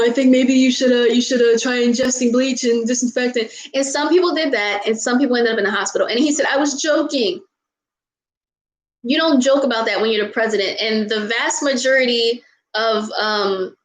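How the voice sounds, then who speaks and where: In a fairly high voice, a U.S. vlogger casually answers questions from viewers, ranting in exasperation and often laughing and apologizing. The recording is rough and reverberant, with a little hiss or hum.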